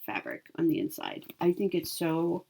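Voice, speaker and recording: Her voice is deep and warm with vocal fry and a sing-song lilt at a moderate pace, and there's a little hiss or hum. Chatting to camera, this woman upbeatly covers her cross-stitch haul and giveaways, often saying um and correcting herself.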